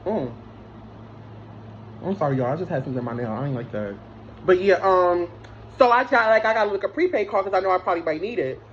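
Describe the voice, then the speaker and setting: A woman's voice: on the low side, lively intonation, fast talker, pauses often. Rambling, cursing young woman telling a story. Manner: rambling, profane, many restarts and fillers. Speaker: vlogger. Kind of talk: casual storytime. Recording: slightly dull lo-fi sound with faint noise.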